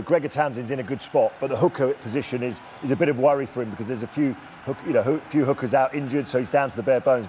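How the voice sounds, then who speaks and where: A man giving sports punditry rapidly and loosely, with many fillers. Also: mid-range voice, darkish tone, a little hiss or hum. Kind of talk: casual sports chat.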